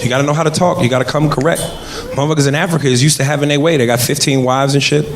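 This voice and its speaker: High-voiced, profane male stand-up comic. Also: fairly even intonation, racing. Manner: loud, profane, shouting punchlines. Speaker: stand-up comedian. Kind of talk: stand-up comedy set. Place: comedy club stage. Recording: roomy club with loud crowd laughter. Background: audience laughter.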